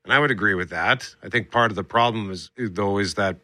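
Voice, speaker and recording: A man hosting talk radio, relaxed and conversational as he reads out findings. His tone is very bright and forward, and the sound is dry and close. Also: fairly low pitch, brisk, no room sound. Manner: relaxed, reads survey findings, chuckles along. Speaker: radio host.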